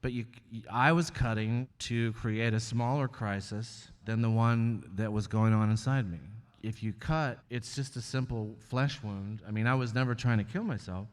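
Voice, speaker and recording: A male comedian as guest in a live on-stage conversation, talking candidly and wryly, often halting and restarting. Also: medium pitch, long reverb tail. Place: stage at an arts venue before an audience.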